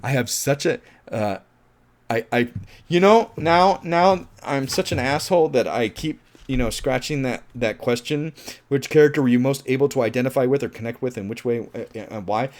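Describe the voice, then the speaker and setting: A man's voice: mid-range voice, moderate pace. A man giving a casual, rambling film review. He swears freely, laughs, and trips over his words as he goes. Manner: rambling and animated, swears often, laughs, restarts a lot.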